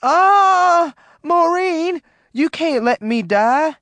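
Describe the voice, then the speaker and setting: A man's voice: high-pitched, sing-song, normal speed, no room sound, pitched above the performer's own voice. Man doing a snarling brute. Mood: pleading. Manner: snarling, shouting, cruel. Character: brutal, threatening young white Southern man. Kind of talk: audiobook character voice.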